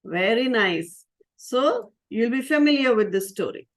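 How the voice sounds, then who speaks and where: Woman teacher telling kids a story, lively, asks them questions, higher voice. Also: a little slow. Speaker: spiritual teacher.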